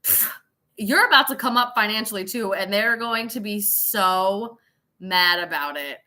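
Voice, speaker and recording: A woman's voice: mid-range voice, a little slow, pushed and bright. A tipsy woman giving a casual live tarot reading, chatty and laughing, with swearing and dramatic asides. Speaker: tarot reader.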